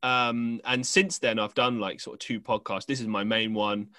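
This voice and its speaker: A lower-pitched English man hosting a podcast in a loose, meandering storytelling style. His voice has a bright, forceful edge, recorded close and dry on a podcast microphone with no room sound. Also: fairly even intonation, moderate pace, no echo. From England. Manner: rambling and chatty, with many fillers and restarts. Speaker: podcast host. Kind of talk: casual conversational storytelling.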